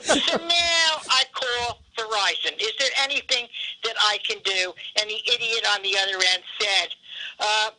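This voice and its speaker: A woman's voice: a little high, normal speed, pushed and bright, a little hiss or hum. A woman calling in by phone, angrily telling a profane story about scam calls. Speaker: caller. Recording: phone line.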